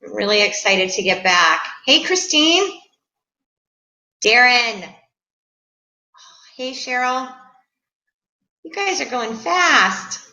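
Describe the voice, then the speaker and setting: Bubbly, excitable middle-aged woman. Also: on the high side, slow, long pauses. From Chicago area, USA. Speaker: livestream host. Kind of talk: live stream chat, greeting viewers. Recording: echoey room.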